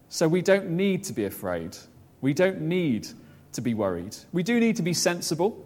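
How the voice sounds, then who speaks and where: A man's voice: on the high side, a little mellow. A man leading a children's talk, encouraging and praising the kids as he explains.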